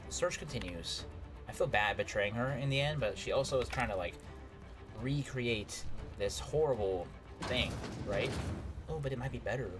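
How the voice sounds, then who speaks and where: A man's voice: mid-range voice, normal speed. A man giving casual, jokey let's play commentary, exclaiming at the action. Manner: excitable, jokey, yelps at hits. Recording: game music loud behind voice.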